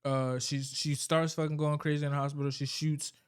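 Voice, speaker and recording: A man with a slightly raised, smooth and clear voice rambles through a movie's plot in a loose, casual way. He swears constantly and loses track of his own story. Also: fairly high pitch, flat delivery, fairly quick. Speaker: vlogger recapping a movie.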